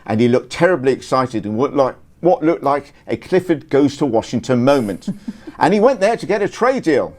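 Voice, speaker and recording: A man's voice: mid-range voice, very animated, moderate pace, a little mellow. A British man co-hosting a casual political chat, joking and wry. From United Kingdom. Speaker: podcast co-host.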